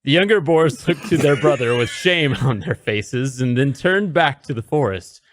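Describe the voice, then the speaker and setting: A man's voice: mid-range voice, lively intonation, moderate pace, no echo, studio quality. A man reading a fairy tale aloud in a dramatic, mock-solemn storybook style. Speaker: narrator. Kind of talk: storybook narration, comedic.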